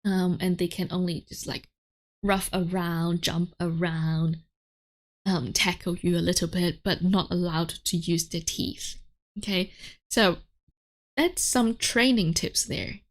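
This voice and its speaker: A woman's voice: fairly low pitch, steady tone, takes it slowly. A woman streamer giving casual advice on dogs, chatty, with lots of fillers, swearing and frequent laughter. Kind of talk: casual livestream chat.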